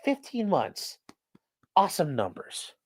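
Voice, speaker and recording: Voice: medium pitch, huge pitch swings, slow pace, dry recording. A defense attorney hosting a casual livestream, reading viewer chat aloud and answering in a blunt, profane way.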